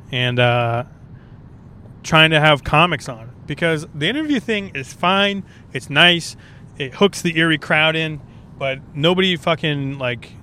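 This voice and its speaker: A man's voice: mid-range voice, pushed and bright, slight background noise. Profane rambling man podcasting on the road. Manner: rambling, profane, laid-back. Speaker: stand-up comedian and podcaster. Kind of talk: casual solo podcast monologue.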